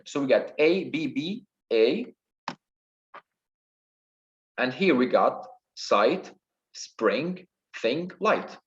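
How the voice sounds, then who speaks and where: A man, not a native English speaker, slowly talks through the meter and rhyme of a sonnet, hesitating and counting syllables word by word. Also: mid-range voice, highs cut off. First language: Arabic. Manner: hesitant, with many restarts and fillers. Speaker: student presenting a poem analysis. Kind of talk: spoken literature analysis.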